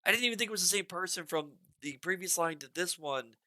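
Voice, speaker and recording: Guy reacting to a song, bright voice that jumps all over, keeps restarting sentences, faint music under him. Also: sits high, quick pace, no room sound, clean studio sound. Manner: excitable and rambling, with many restarts and bursts of enthusiasm. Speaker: music reaction channel host. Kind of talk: casual reaction commentary. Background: faint music from the song being reacted to.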